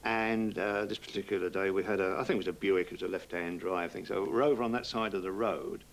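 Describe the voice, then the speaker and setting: A man recalling an old story in a conversational, animated way. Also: low-pitched, fast. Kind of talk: reminiscing chat.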